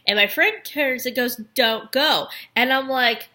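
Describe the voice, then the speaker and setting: Young woman, high voice, chatty vlogger, rambling with lots of filler words. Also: moderate pace, sharp tone. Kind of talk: casual storytelling to camera.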